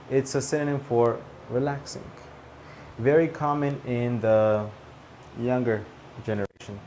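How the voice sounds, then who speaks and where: A man teaching a spoken English lesson, repeating example phrases clearly and checking in with "okay?". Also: mid-range voice, takes it slowly, long pauses, dark tone, a little hiss or hum.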